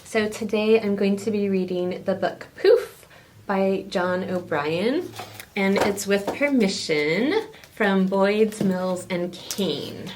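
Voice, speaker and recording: Lady reading a kids book real slow, lots of gasps and poof noises. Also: mid-range voice, noisy background. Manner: expressive, with gasps and sound effects. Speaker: children's story reader. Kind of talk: reading a picture book aloud to children.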